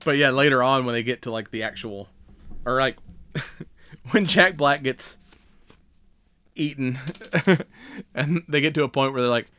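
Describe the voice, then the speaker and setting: A man in casual podcast chat tells a movie plot with gusto, cursing freely and jumping into quick impressions of the characters. His voice sits in a middle pitch. The sound is dry and close to the mic. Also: clean tone, no room sound. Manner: animated storyteller, swears a lot, acts out movie lines. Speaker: podcast co-host.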